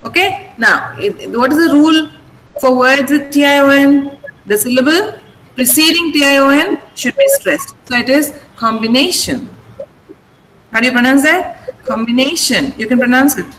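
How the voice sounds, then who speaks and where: A woman's voice: high-pitched, expressive, moderate pace, a bit bright, reverberant, slight background noise, poor audio. A woman with an Indian English accent, an English teacher who explains pronunciation patiently and has students repeat words. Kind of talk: online vocabulary class.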